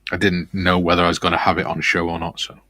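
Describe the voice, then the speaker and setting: A man's voice: low-pitched, little pitch movement, fast talker, pushed and bright. A man co-hosting a model-building stream, chatting casually and reading out viewer comments, laughing easily.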